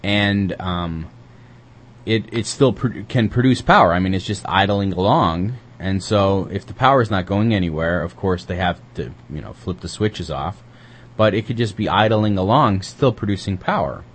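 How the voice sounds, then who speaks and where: A man's voice: low voice, animated, moderate pace, slight background noise. A man co-hosting a community radio show, chatting casually and reading news, rambling with lots of hesitant fillers.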